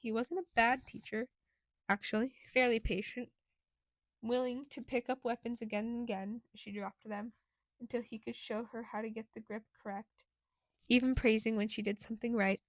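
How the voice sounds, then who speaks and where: A woman narrating an audiobook in a steady, clear reading voice. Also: a little high, moderate pace, no room sound.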